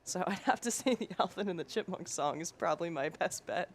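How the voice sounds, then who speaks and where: Chatty low-voiced woman commentator. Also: lively intonation, brisk. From California. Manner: chatty, laughs easily. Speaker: color commentator. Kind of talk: casual broadcast banter.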